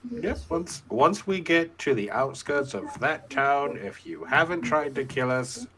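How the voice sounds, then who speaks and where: A man's voice: mid-range voice, animated, unhurried, sharp tone, a little hiss or hum, rough recording. A man playing a tabletop role-playing game, joking and playful in manner. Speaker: player.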